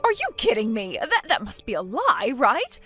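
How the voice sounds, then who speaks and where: A woman voicing a scornful mother-in-law in a text-message story, bossy and demanding, with soft music behind. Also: fairly high pitch, huge pitch swings, normal speed, breathy edge, heavily acted. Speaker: story character.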